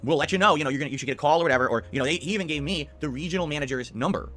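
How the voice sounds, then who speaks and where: A man's voice: on the high side, very fast, fairly bright tone. A man streamer ranting to his camera, insistent and repetitive.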